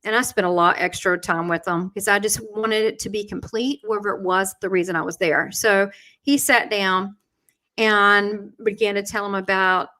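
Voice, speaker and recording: A woman with a bright, sharp voice hosts a live online chat, recorded over a video call. She talks about her work as a medium in lively anecdotes, full of quoted dialogue and restarts. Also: mid-range voice, normal speed. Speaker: host and spiritual medium.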